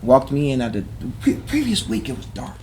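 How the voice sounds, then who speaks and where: A middle-aged man talks as a guest. He is an animated storyteller, heavy on street slang and swearing, with a mid-range voice. A clear hiss of background noise runs under the recording. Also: medium pitch, fairly quick. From Chicago, USA. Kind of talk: casual storytelling in conversation.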